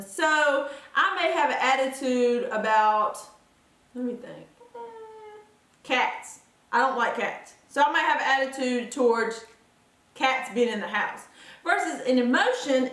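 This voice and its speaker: A woman with a high, bright-pitched voice talks frankly and with a sassy edge in a casual vlog. Her voice bounces around an echoey room. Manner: frank and sassy, laughing at her own jokes. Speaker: vlogger. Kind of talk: casual talking-to-camera opinion vlog.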